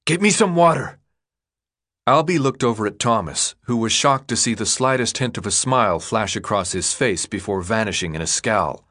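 A man narrating an audiobook in a steady, expressive reading. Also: fairly low pitch, moderate pace, hardly any pauses. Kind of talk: scripted narration.

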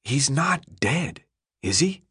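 A man's voice: medium pitch, very animated, normal speed, fairly bright tone. A man voicing a nervous teenage boy who talks lightly and a bit hurriedly to hide his fear.

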